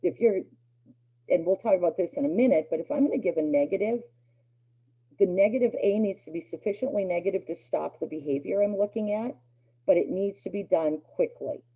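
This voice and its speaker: A middle-aged woman with a low, husky, mellow voice lectures a dog obedience class at a fairly quick pace. She's conversational, circling back with many fillers and restarts. The recording is dull and lo-fi.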